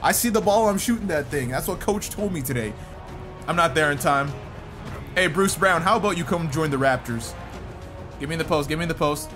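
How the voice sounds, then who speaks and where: A young man giving excitable commentary over a basketball video game, often yelping and shouting at plays. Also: fairly high pitch, fairly quick. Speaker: gaming YouTuber. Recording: game music playing behind.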